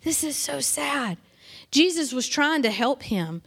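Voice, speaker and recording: A middle-aged woman leading an informal Bible teaching, reading scripture aloud and then explaining it in plain conversational talk with quick acted asides. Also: sits high, lively intonation, gravelly.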